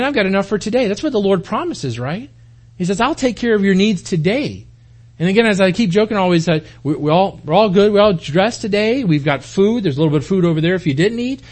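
Husky high-voiced man preaching casually. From United States. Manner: folksy, asks the congregation rhetorical questions. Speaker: pastor. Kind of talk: conversational sermon.

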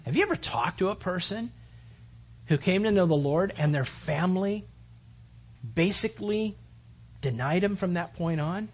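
A man's voice: high voice, animated, normal speed, pauses often, slightly rough. A man preaching a conversational sermon, rambling casually and peppering his talk with "you know" and "man". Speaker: pastor. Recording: dull lo-fi recording.

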